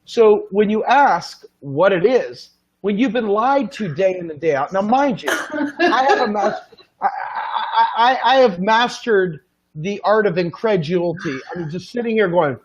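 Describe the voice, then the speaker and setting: A man's voice: high voice, lively intonation, unhurried, breathy edge. A man hosting a show who rants in an exasperated, incredulous tone about what he hears on television. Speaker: show host. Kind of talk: ranting casual chat. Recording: dull lo-fi sound.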